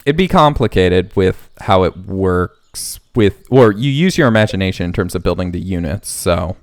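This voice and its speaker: A man's voice: low-pitched, animated, normal speed, no echo, clean studio sound. A man hosting a casual let's play, rambling and thinking aloud as he plays. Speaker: gaming channel host.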